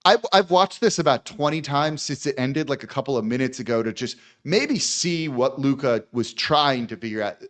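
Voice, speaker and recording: A podcast host recapping a basketball game, stammering and exasperated. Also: male voice, medium pitch, animated, normal speed, hardly any pauses, a bit bright.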